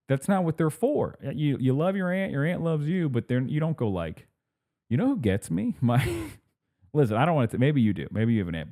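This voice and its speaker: A man's voice: on the low side, dark tone. A man hosting his podcast in casual solo chat, rambling and restarting his sentences, laughing often and acting out what people say. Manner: rambling, self-interrupting, laughs often, acts out quotes. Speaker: podcast host.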